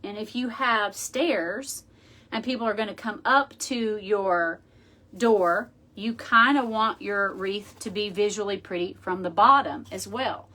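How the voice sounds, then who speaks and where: A woman's voice: mid-range voice, a little slow, bright, forceful tone. Chatty woman teaching crafts. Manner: chatty, thinking aloud while working. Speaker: craft tutorial host. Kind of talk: casual how-to demonstration.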